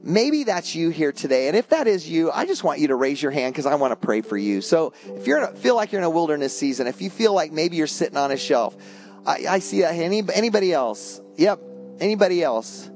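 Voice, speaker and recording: A man's voice: on the high side, sing-song, brisk, darkish tone. A man preaching a sermon as a pastor, telling a story earnestly and often repeating words as he goes.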